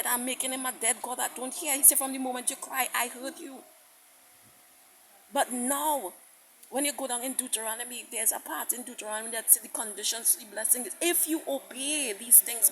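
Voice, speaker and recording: A woman with a fairly high voice preaches a sermon passionately against a noisy background. She repeats herself, stammers into restarts, and quotes God at length.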